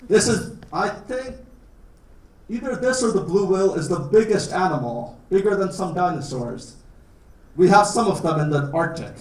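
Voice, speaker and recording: A man's voice: high voice, expressive, normal speed. A man from Canada giving a playful talk to a class about his country, keeping his words simple for learners and joking often. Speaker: guest lecturer. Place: classroom or lecture hall. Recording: roomy, distant classroom recording.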